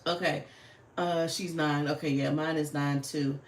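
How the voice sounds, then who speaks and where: A woman's voice: deep voice, steady tone, a little slow, roomy sound. A woman, chatting casually and swearing freely on a livestream. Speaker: livestream host. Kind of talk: casual livestream chat while planning.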